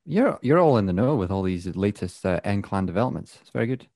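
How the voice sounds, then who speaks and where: A man's voice: on the low side, animated, a little fast, dark tone, no echo, studio quality. A Scottish man co-hosting a podcast over a video call, chatting casually and joking around. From Scotland. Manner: joking, puts on voices. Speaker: podcast co-host. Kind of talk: casual chat. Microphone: remote video call.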